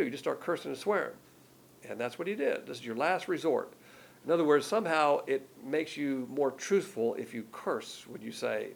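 A man with a gravelly, mid-range voice teaches through the Bible verse by verse, explaining each passage in plain, conversational language. He reads the verses aloud with more force, and the recording quality is low.

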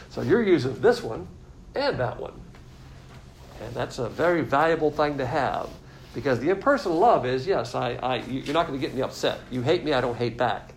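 A man delivering a teaching sermon at a mid-range pitch, explaining terms patiently and circling back to repeat his main points. A faint hiss sits under the recording. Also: expressive, normal speed, pauses often, poor audio. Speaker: Bible teacher.

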